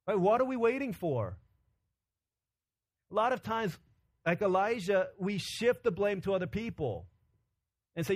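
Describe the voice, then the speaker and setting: A man preaching a sermon with animated delivery, acting out voices in quotes. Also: sits high, unhurried, pauses often. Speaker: pastor.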